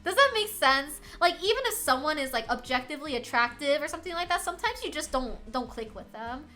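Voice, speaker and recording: Bright, animated young woman streamer. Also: high voice, quick pace, soft background music. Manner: animated, laughing, lots of filler words. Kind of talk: casual storytelling chat.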